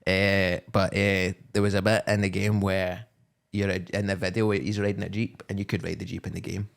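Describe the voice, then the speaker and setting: Casual podcast co-host, man, low gravelly voice, rambling jokey delivery. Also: level tone, a little fast. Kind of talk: casual chat.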